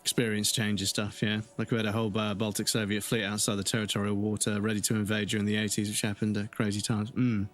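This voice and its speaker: A man's voice: lowish voice, flat delivery, fast talker, hardly any pauses, fairly bright tone, faint music behind. A man streaming a game, chatting casually and rambling, swearing and greeting viewers. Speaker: live streamer. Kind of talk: casual chat over gameplay.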